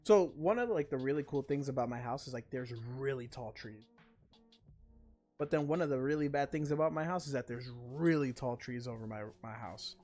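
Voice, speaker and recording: A man's voice: mid-range voice, a little mellow. A male livestream host in a casual chat, ranting emphatically and swearing freely.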